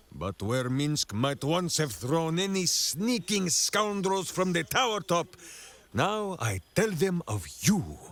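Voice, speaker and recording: A bombastic hamster-loving warrior. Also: male voice, a little high, fairly bright tone, full character voice. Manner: bombastic, theatrical, speaks of himself in third person. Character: boisterous burly male warrior-ranger, grandiose, hamster-loving. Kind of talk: video game character dialogue. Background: faint game music.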